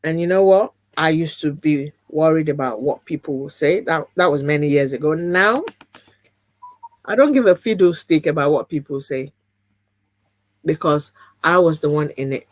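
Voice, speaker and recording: Speaking in a low voice at a moderate pace, this woman is captured in a dry recording. As a guest on a candid video call, she's earnest and emphatic, frequently repeating phrases to drive them home.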